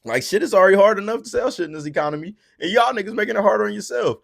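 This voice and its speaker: A young adult man hosting a podcast, ranting profanely in a casual way and swinging between low mutters and loud outbursts. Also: lively intonation, racing, creaky, dry recording, studio quality. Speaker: podcast host. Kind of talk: unfiltered casual rant.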